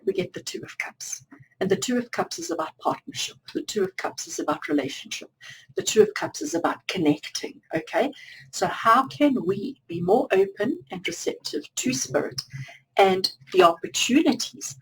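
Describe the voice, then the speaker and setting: A woman's voice: a little high, very animated, normal speed, creaky, a little hiss or hum, poor audio. A woman giving a spiritual tarot reading to viewers, repeating phrases in long chains. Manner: repetitive, lists phrases in chains. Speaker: tarot card reader.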